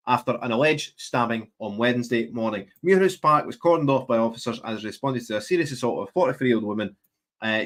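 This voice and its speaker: A man's voice: on the high side, fairly bright tone. A man hosting his own show, reading out news reports and breaking off into sarcastic, exasperated outbursts. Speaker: host. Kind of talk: reading and ranting about news.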